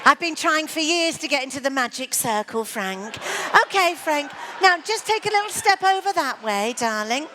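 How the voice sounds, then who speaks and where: Comic stage magician: woman, high voice, flirty teasing patter. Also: animated, moderate pace, hardly any pauses, background noise. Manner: teasing and flirty, calls the volunteer darling. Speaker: comedy magician. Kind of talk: stage comedy patter with a volunteer.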